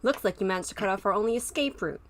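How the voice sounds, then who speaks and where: A woman reading the part of a sharp-tongued young princess in a casual script read-through, amused. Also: medium pitch, rapid-fire, natural voice. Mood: sarcastic.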